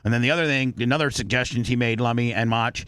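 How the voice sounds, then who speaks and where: Blunt, animated male radio host. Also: medium pitch, fast talker. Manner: blunt, animated storytelling with profanity. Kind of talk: casual talk-show chat.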